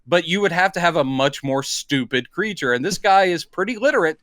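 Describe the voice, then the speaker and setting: Animated man reviewing a film, dry close mic. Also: a little high, a little fast, no echo. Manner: animated, acts out quoted lines mid-rant. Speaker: podcast co-host. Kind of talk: casual movie review chat.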